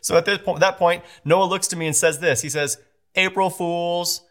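A man in his thirties, a pastor telling a family story in a sermon, animated and acting out the voices of his wife and kids. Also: a little high, brisk. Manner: animated, acts out family dialogue with playful voices.

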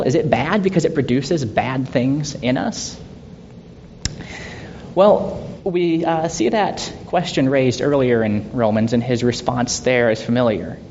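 A man leading a Bible study in a conversational way, asking rhetorical questions and laughing softly now and then. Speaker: Bible teacher. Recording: dull lo-fi sound with faint rumble.

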